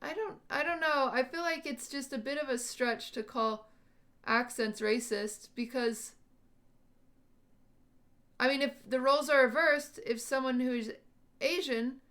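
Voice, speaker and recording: A woman's voice: high-pitched, measured pace, long pauses, a bit bright. A woman hosting a livestream, thinking aloud to her chat in a casual, questioning and unsure way. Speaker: livestream host.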